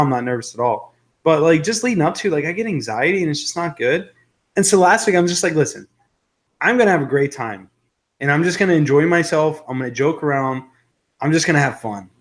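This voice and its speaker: A man's voice: fairly high pitch, animated, brisk. A young adult man hosting a casual live stream, rambling and joking as he reads viewer comments aloud. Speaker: livestream host.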